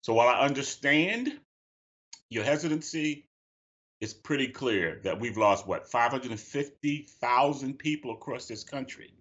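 A man's voice: mid-range voice, lively intonation, unhurried, fairly bright tone. A man speaking as a guest on a video call, earnest and urgent, repeating himself for emphasis. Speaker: guest, head of a national youth organization. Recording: dull video call audio.

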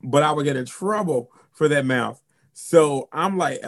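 A man's voice: a little high, unhurried. A man from South Carolina with a Southern US accent, a drag performer telling stories in an interview with sass and flair. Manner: sassy, expressive, sprinkles in "honey" and "girl". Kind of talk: candid storytelling interview.

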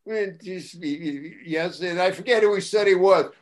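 An older man, a former wrestling broadcaster, telling casual stories on a talk show and acting out the voices of the people he quotes. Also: normal speed. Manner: animated, acts out quoted voices with rising pitch and loudness. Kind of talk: casual anecdotal storytelling.

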